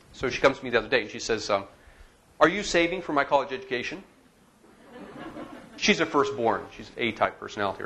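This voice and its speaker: A man in his forties giving a classroom lecture in a lecture hall, lively and asking his audience questions. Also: fairly high pitch, a little hiss or hum.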